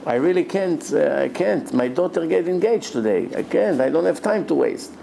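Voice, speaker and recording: A harried middle-aged driver, short on time and running out of patience, as a preacher acts him out. He speaks in quick, pleading bursts. The voice is gravelly and warm, with faint background noise. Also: on the high side, lively intonation. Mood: hurried. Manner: rushed, apologetic, then exasperated. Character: hurried, irritable middle-aged male driver.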